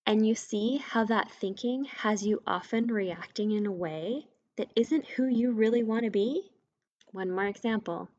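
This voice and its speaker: Female podcast host and mindset coach, middle pitch, direct and emphatic delivery, slightly muffled audio. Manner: direct, conversational, emphatic on key points. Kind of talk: scripted solo podcast teaching.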